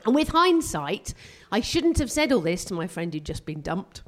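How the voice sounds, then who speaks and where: A woman doing a live stand-up set on a theatre stage, self-mocking and excitable, tripping over her own restarts. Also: medium pitch, moderate pace. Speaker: stand-up comedian.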